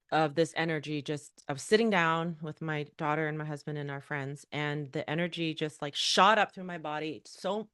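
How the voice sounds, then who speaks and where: Woman, middle-aged, workshop speaker; low voice, conversational and candid, dry close mic. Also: fairly bright tone, clean tone, no room sound. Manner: candid, conversational, with frequent fillers and rhetorical questions. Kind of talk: personal storytelling talk to an audience.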